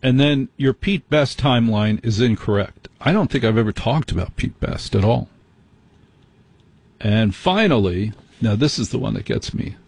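Husky-voiced rambling late-night radio man. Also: mid-range voice, expressive, moderate pace, a little mellow, no echo. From United States. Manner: rambling, self-deprecating, wry asides. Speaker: overnight radio host.

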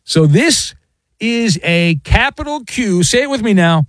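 A man's voice: high-pitched, very animated, a little slow, no echo. A man giving jokey, theatrical solo sports commentary. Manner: theatrical, jokey, mock sound effects.

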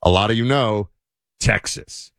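A man's voice: on the low side, a little slow, creaky, a bit bright, no room sound, studio quality. A man hosting a talk show, chatting casually with many fillers. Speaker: show host. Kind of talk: casual political commentary.

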